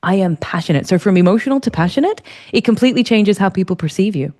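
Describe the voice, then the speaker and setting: A woman, a leadership strategist, speaking as an interview guest and explaining ideas clearly and fluently. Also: mid-range voice, lively intonation, fast talker. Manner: articulate, warm, explanatory. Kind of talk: conversational interview.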